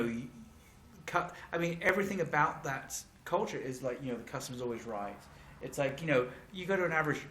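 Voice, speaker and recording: A British man in casual podcast chat, halting and restarting his sentences. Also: mid-range voice, pushed and bright. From Britain. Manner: halting, stammers, restarts often. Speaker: podcast co-host. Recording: echoey room with faint noise.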